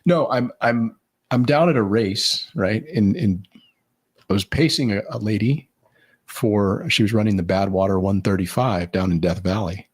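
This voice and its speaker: A man's voice: on the low side, normal speed, husky. A man co-hosting a podcast, telling rambling stories with many fillers in casual chat. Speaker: podcast co-host.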